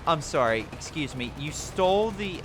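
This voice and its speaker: A man commentating a strategy game replay, excitable, laughing and giving units joking voices. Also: fairly high pitch, normal speed. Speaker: game caster. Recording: game noise behind the voice. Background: artillery and gunfire game sounds.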